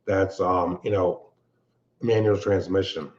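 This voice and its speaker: Low-voiced man on a dull line. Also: steady tone, takes it slowly, slight background noise. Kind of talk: casual live stream chat.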